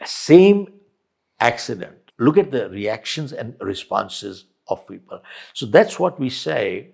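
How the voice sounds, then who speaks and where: A man's voice: mid-range voice, big pitch swings, takes it slowly, vocal fry, darkish tone, breathy edge. An older man, a podcast guest, giving motivational advice with emphatic stories and repeated key lines. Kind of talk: storytelling advice in conversation.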